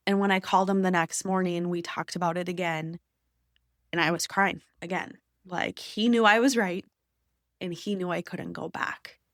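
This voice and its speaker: A young adult woman hosting a podcast, telling a deeply personal story in an intimate, emotional way that sometimes drops to a whisper. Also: creaky, no echo, studio quality. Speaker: podcast host.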